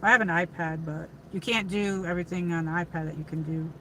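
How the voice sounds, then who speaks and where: A woman's voice: on the low side, fairly even intonation, fast, a bit bright, a little hiss or hum, rough recording. A woman from upstate New York chatting casually to her livestream viewers from her car, rambling with lots of fillers and restarts. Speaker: livestream host.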